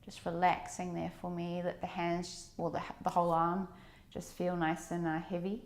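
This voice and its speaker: A woman fitness instructor leading a workout, giving calm breathing and movement cues with chatty asides. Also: lowish voice, normal speed.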